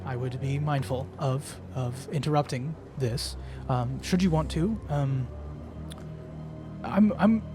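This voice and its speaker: A game master voicing a nervous servant in a 1920s tabletop mystery. He stammers, restarts and apologizes quietly. Faint music plays in the background. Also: medium pitch, natural voice. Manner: hesitant, apologetic, halting. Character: nervous, put-upon household servant man.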